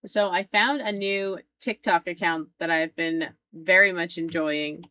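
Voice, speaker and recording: A woman's voice: lowish voice, fairly even intonation, measured pace, sharp tone, dry recording. A woman streaming a game live, chatting with her viewers in a playful, teasing way and laughing often. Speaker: streamer playing a farming game.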